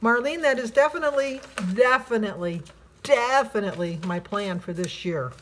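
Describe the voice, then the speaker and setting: A woman's voice: a little high, moderate pace, slight background noise. A woman with a Midwestern accent, talking to her viewers in a casual, gushing vlog and breaking into playful singing. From Michigan, USA. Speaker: weight-loss vlogger.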